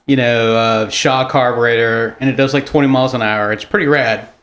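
A man hosting a casual chat, relaxed and asking curious questions. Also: mid-range voice, fairly quick.

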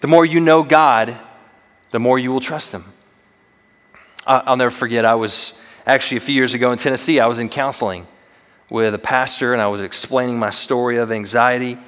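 A man's voice: medium pitch, fairly even intonation, brisk, fairly bright tone. A young man preaching a sermon as a student minister, earnest and conversational with self-deprecating humor. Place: church sanctuary. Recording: long reverb of a large hall.

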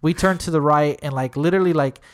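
A man's voice: fairly high pitch, fast. A man casually telling a tense personal story, swearing constantly and filling his talk with "literally" and "dude". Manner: animated retelling, acting out quotes.

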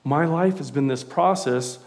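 A middle-aged man from California preaching a sermon as a pastor, conversational and animated, telling stories from his own life. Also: fairly high pitch, measured pace.

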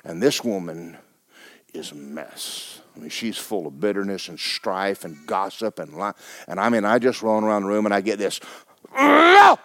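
A man, a pastor preaching and telling a story with animated bursts of loud shouting. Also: sits low, moderate pace, no echo. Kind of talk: sermon.

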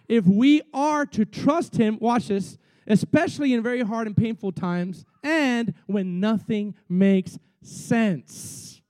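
A man preaching a sermon as pastor, animated, acting out quotes with big swings between loud and soft. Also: sits high, no room sound.

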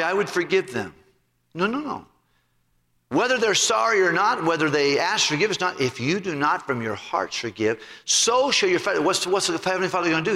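A male pastor preaching a sermon in an animated, emphatic way. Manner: animated, emphatic, swooping pitch. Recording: long hall reverb.

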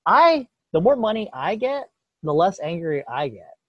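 A man rants in a casual political chat, swearing freely and slipping into mock voices. His pitch leaps all over, and his voice is a little husky. The sound is dry and dull, like a lo-fi podcast mic. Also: a little slow, no echo. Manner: profane, animated ranting with mock voices.

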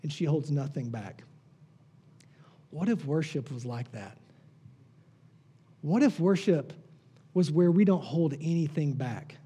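A man preaching a sermon, full of rhetorical questions, swinging from emphatic peaks down to low, quiet lines. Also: expressive, slow pace, long pauses, husky. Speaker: pastor.

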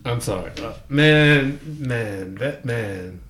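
A man's voice: medium pitch, lively intonation, fairly bright tone. A man co-hosting a podcast in casual chat, drawling and cursing as he talks. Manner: slow, drawn-out and profane. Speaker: podcast co-host. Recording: roomy room sound with faint noise.

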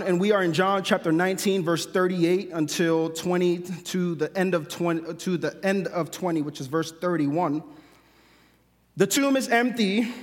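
Male preacher, high-pitched, conversational sermon delivery, long reverb of a large hall. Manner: conversational, self-correcting, with humorous asides.

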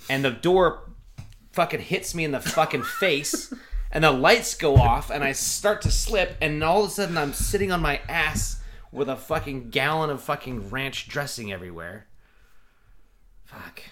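A man in casual conversation who tells animated stories and swears constantly, talking about his restaurant work. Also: a little high, moderate pace, slight background noise. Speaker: restaurant server. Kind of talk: casual chat.

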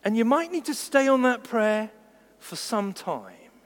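A man preaching a sermon, lively and acting out the voices in his stories. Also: very high-pitched, unhurried. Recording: long reverb of a church hall.

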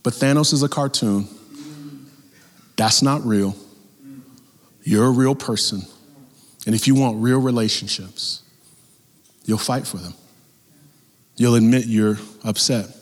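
A man preaching a sermon as pastor, talking in a lively, conversational way with acted-out asides. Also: medium pitch, takes it slowly, long pauses, long reverb tail.

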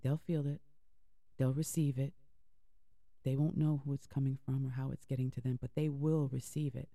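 Woman radio host, inspirational talk, earnest, encouraging, gravelly, dry close sound. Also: very deep voice, little pitch movement, normal speed, mellow, dry recording. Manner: earnest, repeats phrases for emphasis; heartfelt and encouraging. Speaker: internet radio show host. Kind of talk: inspirational talk between music.

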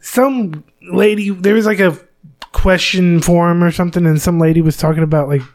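A man's voice: high-pitched, steady tone, moderate pace, darkish tone. A young man co-hosting a podcast, rambling and stammering through crude casual chat. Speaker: podcast co-host.

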